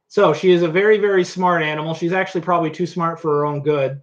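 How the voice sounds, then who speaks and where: Young male animal educator, high voice, casual and chatty, echoey home room, slightly muffled. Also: steady tone, a little fast. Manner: chatty, coos at his pets. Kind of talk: live-streamed animal show.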